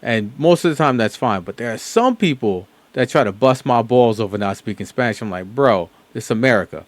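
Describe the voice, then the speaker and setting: A man's voice: mid-range voice, animated, fairly quick, no room sound. A man hosting a reaction video, talking in a rambling, casual way with fillers and profanity. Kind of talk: casual commentary.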